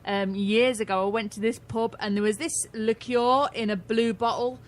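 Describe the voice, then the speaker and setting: A middle-aged English woman co-hosting a radio show in casual banter, blunt and quick to swear. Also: on the high side, fairly even intonation. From England. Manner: blunt, swears freely, laughs often.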